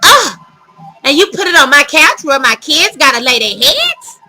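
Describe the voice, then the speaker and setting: A woman vlogger telling a dating story to her viewers in casual, animated storytelling, dramatic and laughing as she goes. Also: sits high, normal speed, music in the background, rough recording.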